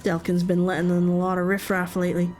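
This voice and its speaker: A woman's voice: fairly low pitch, completely flat delivery, fast, darkish tone, a little hiss or hum, natural voice. A woman voicing a suspicious, bullying gang doorman in an attempted Irish accent. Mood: threatening. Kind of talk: game voice acting.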